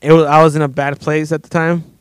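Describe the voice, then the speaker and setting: A man's voice: fairly high pitch, flat delivery, fast talker, clean tone, no echo. A man in a casual podcast chat, telling a long, rambling, profane story full of fillers. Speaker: guest storyteller.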